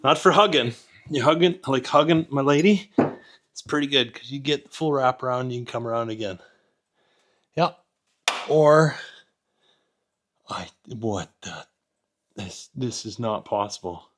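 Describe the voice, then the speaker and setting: A man's voice: mid-range voice, a little slow, pauses often, a bit bright. Rambling, joking man in a garage. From Canada. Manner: rambling, joking, self-mocking, muttering while he works. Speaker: home mechanic host. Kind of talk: casual workshop vlog. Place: garage, lying under an old vehicle. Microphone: camera set up nearby.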